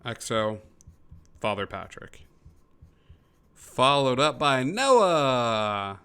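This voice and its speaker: A man's voice: mid-range voice, very animated, very slow, sharp tone, clear, resonant tone. A man narrating as game master for a tabletop game over a call, descriptive and full of fillers and restarts.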